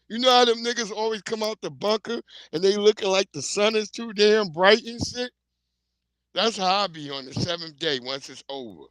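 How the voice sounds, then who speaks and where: A middle-aged man hosts a casual livestream, spinning rambling comic stories full of swearing and easy laughter. His voice sits high and sounds bright and sharp, and the recording is dry and close with no room sound. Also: expressive, fairly quick, clean tone, no echo. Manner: rambling comic storytelling, profane, laughing often. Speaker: livestream host.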